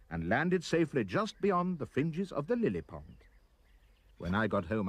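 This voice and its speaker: Husky, lively male storyteller. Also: lowish voice, dry recording. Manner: expressive, lively reading voice. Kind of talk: rhyming storybook reading.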